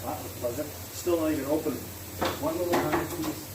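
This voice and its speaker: A man live-streaming from his kitchen on a phone, rambling loudly and swearing while he cooks and chats. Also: fairly high pitch, fairly quick, heavy background noise. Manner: rambling, loud, swears a lot. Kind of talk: casual live-stream chat while cooking. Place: home kitchen.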